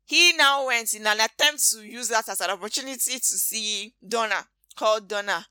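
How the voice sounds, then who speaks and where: A woman with a Nigerian accent, hosting a podcast and recapping movies in an animated, gossipy way full of slangy asides. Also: on the high side, moderate pace, clean tone, dry recording. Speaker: podcast host. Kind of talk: casual movie recap chat.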